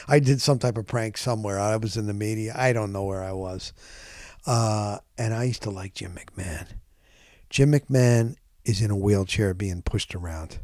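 Middle-aged male host, chatty and self-correcting, mid pitch, dry booth sound. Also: no room sound. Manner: rambling, animated, self-correcting. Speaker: podcast host. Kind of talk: casual storytelling monologue.

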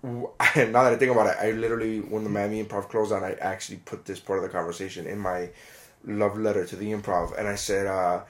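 A man's voice: fairly low pitch, quick pace. A man who is a stand-up comedian, chatting casually and telling stories with a lot of swearing and acted-out voices. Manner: profane, animated, acts out quoted voices. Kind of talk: casual podcast chat, storytelling.

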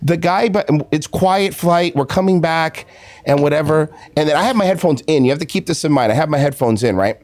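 A man's voice: fairly high pitch, fairly quick, a little mellow, dry recording. A man co-hosting a podcast, telling a story in casual chat, often repeating and restarting his phrases. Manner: rambling, repeats himself. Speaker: podcast co-host.

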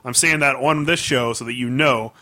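A man hosting a podcast, in a relaxed, upbeat way with plenty of filler words. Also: mid-range voice, normal speed. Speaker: podcast host. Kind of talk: casual podcast chat.

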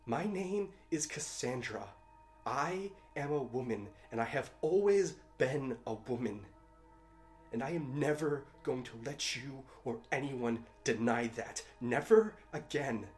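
A man reading aloud and voicing a young woman who speaks up forcefully, her voice raised and cracking. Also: medium pitch, animated, takes it slowly, faint music behind, pitched above the performer's own voice. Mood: defiant. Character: young trans woman, defiant, pleading.

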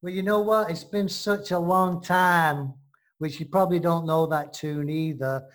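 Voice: mid-range voice, fairly even intonation, unhurried. Brash joking American host. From United States. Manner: brash, joking, mock-heckling. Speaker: show host. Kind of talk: bantering radio-style chat.

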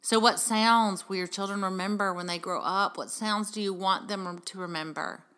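A podcast host and parenting speaker in middle age gives mothers a heartfelt, encouraging talk packed with rhetorical questions. Her voice is medium-pitched, steady and pushed-bright, at a normal speed.

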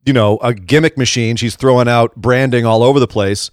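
A man's voice: medium pitch, fairly even intonation, brisk, dry recording, studio quality. A man co-hosting a podcast, chatting casually and animatedly about wrestling and acting out lines in voices. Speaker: podcast co-host.

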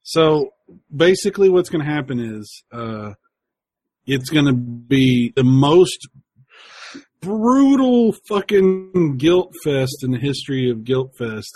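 A man's voice: mid-range voice, sing-song, slow, darkish tone, dry recording. A man in casual chat, telling a rambling, crude comic story.

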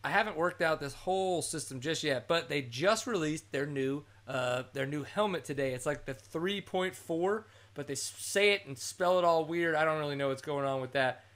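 Male host, casual podcast chat, joking and crude, bright tone. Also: fairly high pitch, normal speed, few pauses. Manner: brash, joking, crude humor.

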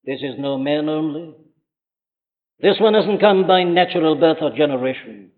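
A man's voice: a little high, normal speed. An older man with a Welsh accent preaching an earnest, urgent sermon from a church pulpit, full of rhetorical questions. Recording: phone-like archive recording in a reverberant hall.

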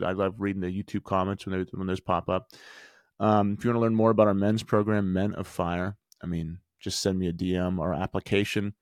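A man's voice: low voice, dry recording, studio quality. A man in his thirties hosting a podcast, telling a personal story in an earnest, conversational way and driving home lessons with rhetorical questions. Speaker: podcast host and men's group coach. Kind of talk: motivational storytelling monologue.

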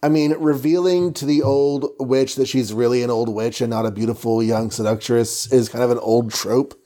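A man's voice: mid-range voice, fairly even intonation, warm tone. A man chatting casually on a podcast, walking through a comic book story. He keeps it jokey and breezy and slips into goofy voices for a moment. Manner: jokey, does quick silly voices for characters. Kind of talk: casual chat, retelling a comic plot.

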